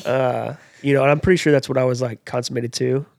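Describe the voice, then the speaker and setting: A man's voice: medium pitch, fairly even intonation, fast, creaky, no room sound, clean studio sound. A young man hosting a podcast in casual chat, rambling with lots of fillers and jokes. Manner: rambling, filler-heavy, joking. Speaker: podcast host.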